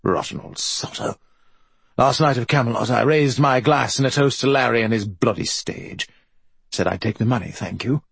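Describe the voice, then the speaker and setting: A man voicing a boisterous, profane middle-aged male film star with a Welsh accent and a husky voice, swaggering and rambling. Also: medium pitch, moderate pace, dry recording. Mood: scornful. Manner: brash, swaggering, rambling storyteller.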